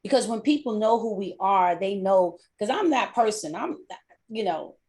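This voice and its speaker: A woman's voice: medium pitch, lively intonation, moderate pace, darkish tone. A middle-aged woman hosting a podcast who tells a personal story candidly, often repeating phrases for emphasis. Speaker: podcast host.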